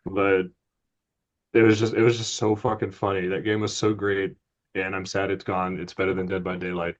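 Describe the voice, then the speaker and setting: Profane laid-back man, low and muffled. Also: flat delivery, normal speed. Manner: loose and profane, laughs often. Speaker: podcast co-host. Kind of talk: casual chat. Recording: dull lo-fi sound.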